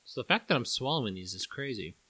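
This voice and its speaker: A man chatting casually while tasting candy, animated and jokey, swearing now and then. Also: mid-range voice, fast, breathy edge, no room sound.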